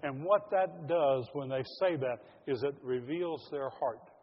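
A man's voice: medium pitch, a little slow, husky. A man preaching a sermon to his congregation, earnest and direct, calling them folks. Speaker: pastor. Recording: lo-fi audio in a large reverberant hall.

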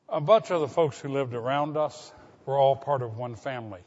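A man's voice: medium pitch, brisk. An older man, a pastor delivering a sermon in an earnest way, asking his congregation direct questions. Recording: dull recording with long hall reverb.

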